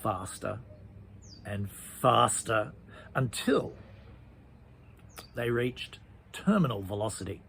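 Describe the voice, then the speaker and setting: A man reading a children's story aloud, chatty, with asides and hushed passages. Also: fairly low pitch, vocal fry, slight background noise.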